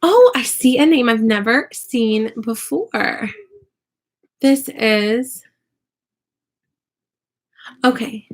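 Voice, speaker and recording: A woman's voice: on the high side, lively intonation, extremely slow, pauses often. A woman, an online English teacher and YouTuber, chatting on a live stream while crafting, chatty, apologetic and self-deprecating.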